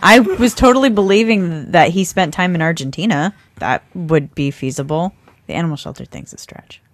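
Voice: mid-range voice, moderate pace, no room sound. A podcast co-host in casual chat, chatty and enthusiastic about musicals.

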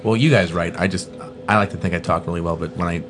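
Joking male podcast co-host, low-pitched, audible hiss on the recording. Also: fairly even intonation, fast. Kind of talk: casual chat.

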